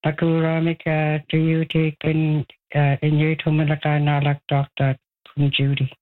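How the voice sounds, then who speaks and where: Caller, very flat delivery over a phone line, slow halting name list. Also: medium pitch. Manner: halting, listing names with pauses. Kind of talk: call-in radio greetings.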